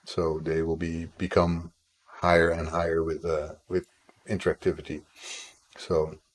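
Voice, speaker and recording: A man with a very deep, low-pitched voice talks casually on a live stream. He rambles a little and keeps up a playful back-and-forth with viewers as he works on his game. His tone stays relaxed and chatty throughout. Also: unhurried. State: tickle in the throat. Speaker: indie game developer streaming.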